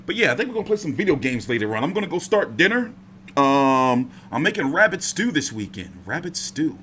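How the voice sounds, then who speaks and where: On his laid-back home boxing stream, a man with a voice on the high side chats briskly. He's profane, animated, and rambling, with slight background noise present.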